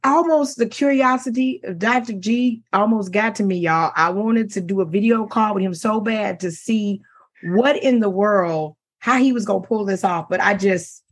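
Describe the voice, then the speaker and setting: Brief: middle-aged woman talk show co-host, husky, animated storyteller, laughs a lot. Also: medium pitch, normal speed. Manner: animated, laughing, voices quoted men. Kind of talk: casual storytelling chat.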